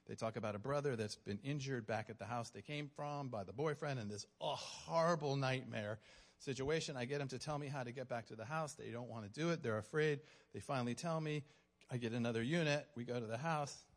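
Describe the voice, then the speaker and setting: A man preaching, telling a story from his police days with emotion, dropping to a hush and then rising loud. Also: medium pitch. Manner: emotional, dramatic pauses, swings from hushed to loud. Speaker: preacher, former police officer. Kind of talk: sermon storytelling. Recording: long hall reverb.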